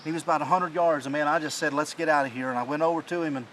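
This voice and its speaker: A man with a slightly high voice tells a hunting story outdoors in the mountains. He rambles, restarts and gets excited. A faint hiss of the woods sits under his voice. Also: rapid-fire, low-quality recording. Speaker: hunting channel host. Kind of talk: casual chat after a hunt.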